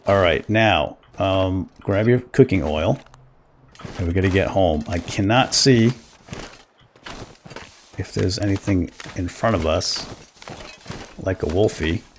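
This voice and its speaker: A man giving casual, chatty commentary while playing a survival game, getting excited over small wins and chuckling often. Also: deep voice, slow, long pauses, a little hiss or hum. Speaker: let's play gamer.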